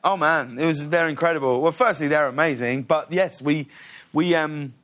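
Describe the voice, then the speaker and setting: A man with a rather high voice tells a story as a guest on a television talk show. He talks in an animated way and keeps breaking into laughter. His sentences are full of "like" and "uh". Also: moderate pace. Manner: laughs often, fills with "like" and "uh". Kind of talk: animated anecdote telling. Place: television studio.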